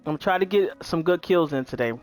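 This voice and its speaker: A woman gaming YouTuber chatting casually with viewers while she plays, relaxed and talkative. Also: on the low side, a little fast, soft background music. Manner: chatty, relaxed, says "y'all" and "um" a lot. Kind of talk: casual gameplay commentary.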